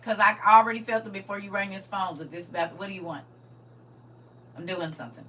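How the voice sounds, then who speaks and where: A middle-aged woman speaks briskly in a medium pitch while hosting a livestream. Chatting casually, she stays blunt and animated, addressing viewers as "y'all" and "baby."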